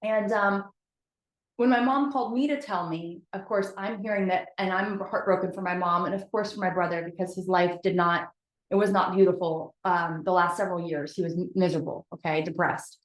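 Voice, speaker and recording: With a lowish voice and steady tone, a woman talks a little fast on her weekly motivational live video. Candid and chatty, she speaks directly to viewers as "you guys" in a room with a roomy echo.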